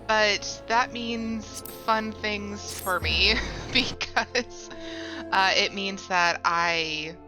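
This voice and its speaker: A woman's voice: medium pitch, drawn-out words, over music. A woman streamer giving casual, rambling commentary while playing a game, often correcting herself mid-sentence. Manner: chatty, rambling, self-correcting.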